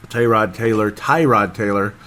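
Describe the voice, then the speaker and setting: A man hosting a casual football recap podcast, rambling and excitable, often losing his train of thought. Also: on the low side, normal speed. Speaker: sports podcast host.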